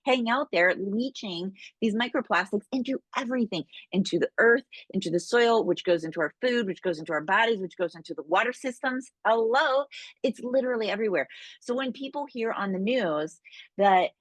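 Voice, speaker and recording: A woman's voice: medium pitch, expressive, fairly quick, no room sound. A woman casually coaching her sales team, chatty and full of "right?" tags. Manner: chatty, keeps tagging lines with "right?". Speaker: direct sales trainer.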